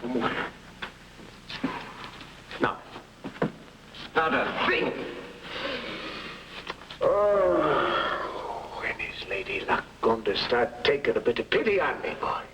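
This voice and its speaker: A man's voice: mid-range voice, very animated, takes it slowly, pauses often, background noise. An actor playing a frightened, hunted blind man in a 1960s TV drama, pleading and stammering, often dropping to worried half-whispers. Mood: desperate. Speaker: lead actor.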